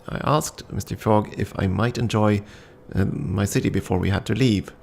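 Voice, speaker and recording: Low, gravelly man playing a game. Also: normal speed, few pauses, darkish tone. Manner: casual, thinking aloud with frequent ums. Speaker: game streamer. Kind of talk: let's play commentary and reading game text aloud.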